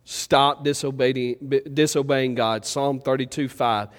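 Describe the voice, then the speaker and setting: A pastor preaching a sermon, moving between loud, urgent pleas and quiet, low reflection. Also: male voice, steady tone, slow, hardly any pauses. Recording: church hall with long reverb.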